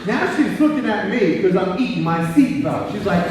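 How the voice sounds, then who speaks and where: A man in his thirties tells funny stories to a crowd, his voice a little high for a man. He is a playful storyteller who acts out the voices in his stories. The sound is picked up from far off in a very echoey school gymnasium with a long reverb. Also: animated, moderate pace, background noise. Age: 30s. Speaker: motivational speaker. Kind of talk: humorous motivational speech to a live audience. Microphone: handheld mic, recorded from far off in the hall. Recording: very echoey gym recorded from far off.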